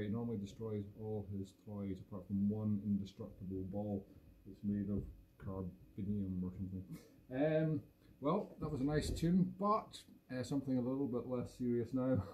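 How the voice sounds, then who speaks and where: A man's voice: fairly low pitch, warm tone, lo-fi sound, a little hiss or hum. A Scottish man in his fifties hosting a live music stream from home, chatting between tunes with joking, rambling banter. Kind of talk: casual chat between tunes. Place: home, indoors.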